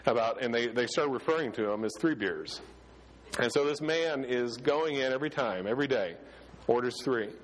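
A pastor giving a casual, conversational sermon full of restarts and fillers. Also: male voice, medium pitch, normal speed, in a large hall, rough recording.

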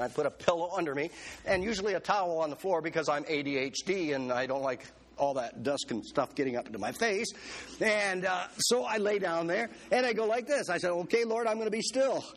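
A male pastor preaching a sermon, telling a story with humor and lively, excited quotes of himself. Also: a little high.

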